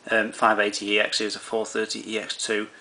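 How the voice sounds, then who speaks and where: A man's voice: fairly low pitch, monotone, normal speed, pushed and bright. A man walking through camera menu settings in an easygoing way, with many fillers and restarts. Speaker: camera tutorial presenter. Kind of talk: explaining camera settings step by step.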